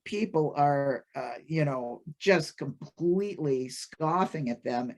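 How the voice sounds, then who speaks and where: A man telling a folk fable in an informal lecture, chatty and halting, with many fillers and restarts. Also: a little high. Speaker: storyteller and lecturer.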